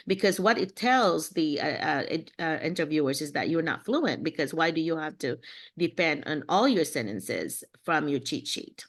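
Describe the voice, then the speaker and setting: A woman's voice: low voice, lively intonation, normal speed. A woman from the Philippines, mentoring teachers on a video call and checking in often with "okay?" and "you know".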